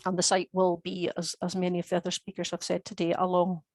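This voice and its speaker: A woman's voice: on the low side, completely flat delivery, quick pace, a little mellow, no room sound. A woman crofter giving a presentation on a video call, earnest and hesitant with frequent restarts. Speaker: crofter presenting her project.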